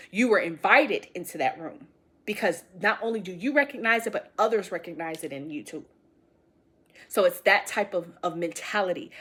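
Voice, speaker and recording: A woman's voice: mid-range voice, a bit bright, husky. A woman giving an intuitive tarot reading to her viewers. She speaks in a casual, emphatic way, repeating key phrases and addressing the audience directly with affectionate encouragement. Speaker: tarot reader.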